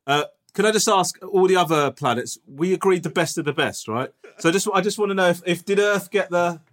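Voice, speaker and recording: A man's voice: high voice, brisk, a bit bright. A man co-hosting a podcast, chatting casually and teasing his friend with jokey banter. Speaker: podcast co-host. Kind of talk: casual comedic chat.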